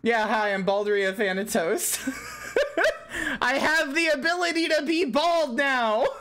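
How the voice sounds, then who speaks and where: A woman streamer chatting with her viewers, excitable and giggly, swearing a lot and bursting into shouts. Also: medium pitch. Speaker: VTuber streamer. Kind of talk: casual live-stream chat with viewers.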